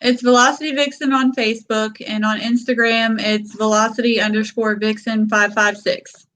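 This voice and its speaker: A woman with a rural Kentucky Southern accent talks as a guest in a relaxed interview. Her voice sits a little high, and her delivery is plainspoken and calm. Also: normal speed, poor audio. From Texas-born, raised by Kentucky family. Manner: plainspoken, calm, lets out small laughs. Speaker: guest, gun-rights advocate. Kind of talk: casual interview conversation.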